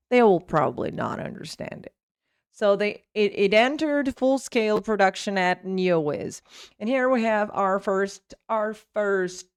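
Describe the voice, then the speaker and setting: A woman's voice: lowish voice, clean tone, no echo, clean studio sound. A young Brazilian woman with a Brazilian Portuguese accent, hosting an English lesson and explaining pronunciation, repeating words as drills. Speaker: English teacher and channel host.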